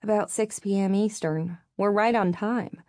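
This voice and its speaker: A woman's voice: medium pitch, measured pace, a little mellow, no echo, voice pushed up, close to an everyday voice. A woman voicing a cheerful, dreamy young woman talking with her close friend in an audiobook. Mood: eager.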